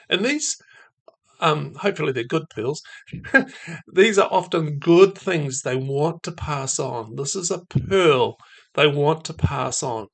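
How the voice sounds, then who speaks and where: A man giving a reflective devotional talk on faith and mental health, musing aloud with fillers and soft laughs. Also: on the high side, lively intonation, slow, gravelly.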